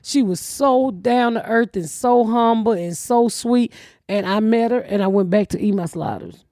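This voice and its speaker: A middle-aged woman hosting a comedy podcast, telling stories bluntly with lots of cursing and loud acted-out quotes. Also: a little high, moderate pace, dry recording. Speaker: podcast host. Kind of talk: casual comedic chat.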